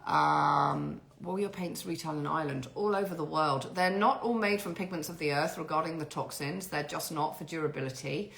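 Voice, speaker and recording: A low-pitched, gravelly, animated voice at normal speed, with hardly any pauses, belongs to an interiors host doing a casual live Q&A at home. She reads out viewer questions and chats warmly through anecdotes, while the echoey room picks up faint background noise.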